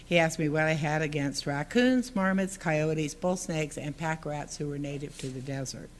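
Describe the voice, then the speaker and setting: A woman's voice: deep voice, moderate pace, a little hiss or hum. Earnest woman giving public comment. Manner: earnest, partly reading prepared text, rambling asides. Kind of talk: public comment at a council meeting. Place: city council chamber.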